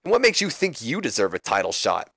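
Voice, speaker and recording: A man's voice: medium pitch, huge pitch swings, fairly quick, vocal fry, sharp tone, breathy edge, no room sound, studio quality, heavily acted. A man voicing an arrogant male wrestler who mocks and taunts his rivals. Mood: mocking. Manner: taunting, mocking.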